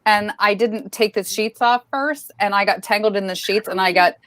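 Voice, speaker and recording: A woman's voice: mid-range voice, steady tone, moderate pace, a bit bright, dry recording. A woman co-hosting a podcast, telling a dramatic story in casual chat. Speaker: podcast co-host.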